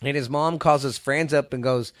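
A man's voice: medium pitch, fairly even intonation, moderate pace, fairly bright tone, no room sound, clean studio sound. A man in his forties co-hosting a podcast, chatting casually and retelling movie scenes in a rambling, profane way. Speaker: podcast co-host. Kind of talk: casual chat.

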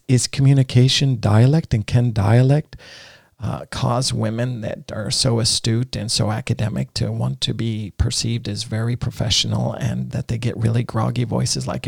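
A man's voice: medium pitch, fairly even intonation, normal speed, creaky, darkish tone, husky, no echo, studio quality. A man hosting a conversational interview, asking long, rambling questions with many restarts. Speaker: podcast host.

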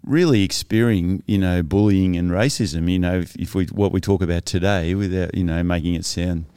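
A middle-aged man speaks as a podcast guest, his voice low, smooth and resonant. He tells his own story in a reflective, halting way, often restarting his sentences. The sound is dry, with no room echo. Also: warm tone. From Australia. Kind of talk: casual personal storytelling.

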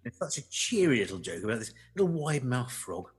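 A male podcast co-host chatting and telling a story in an animated way, with halting fillers and a husky voice. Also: medium pitch. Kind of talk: casual chat.

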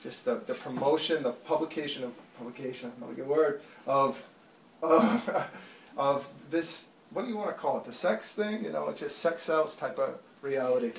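A man's voice: medium pitch, normal speed, creaky, a little hiss or hum. A man preaching a sermon to a congregation, talking plainly and then building to urgent, impassioned appeals. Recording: echoey room, mic far off.

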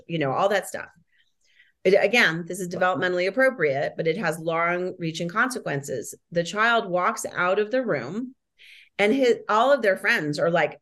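A woman answers interview questions on schools and parenting, explaining emphatically and alternating quick bursts with slow, stressed words. Her voice is lowish and expressive.

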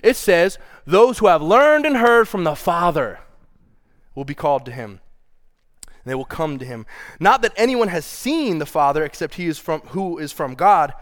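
A young adult man preaching a sermon, reading scripture with feeling and playful, animated asides. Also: fairly high pitch, normal speed. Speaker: pastor.

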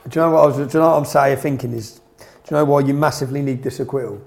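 A man hosting a podcast in casual chat, chiming in with quick interjections and short replies. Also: medium pitch, fairly even intonation, vocal fry, a little mellow. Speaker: podcast host.

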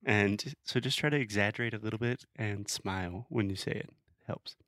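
Low-voiced man, teasing teacher. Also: moderate pace, fairly bright tone, no echo, clean studio sound. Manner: explains clearly, playful, teasing. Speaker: podcast co-host, English teacher. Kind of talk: casual conversational English lesson.

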